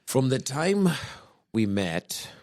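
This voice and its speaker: A man from Kenya, relaxed and chuckling often as he tells a personal story in casual chat. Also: medium pitch, slow, no room sound, clean studio sound. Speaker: podcast guest.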